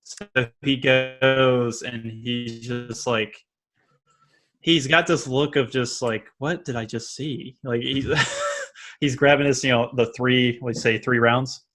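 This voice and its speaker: A man narrating as dungeon master of a tabletop game, loose and halting, often laughing as he describes scenes. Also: mid-range voice, steady tone, a bit bright.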